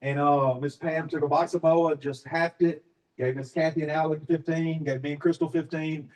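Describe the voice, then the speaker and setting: A man from Alabama giving a testimony to a live audience, telling his story haltingly with many fillers. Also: on the high side, level tone, darkish tone, recorded from a distance, rough recording. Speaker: business partner sharing his story.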